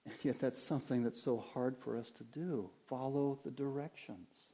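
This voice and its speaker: Man preaching in a mellow voice. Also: mid-range voice, normal speed. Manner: conversational preaching with lively anecdotes and rhetorical questions. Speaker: pastor. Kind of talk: sermon.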